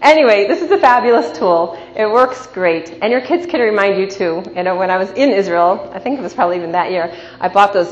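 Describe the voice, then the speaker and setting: A woman teaching a class as a coach, telling lively stories and often checking in with "right?". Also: medium pitch, normal speed. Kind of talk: storytelling lecture to an audience. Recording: dull recording in a reverberant hall, faint noise.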